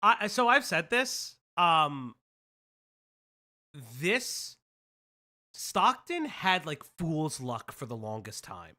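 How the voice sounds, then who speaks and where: A stream host from the United States giving excitable casual commentary, swearing and restarting sentences. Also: mid-range voice, extremely slow, long pauses.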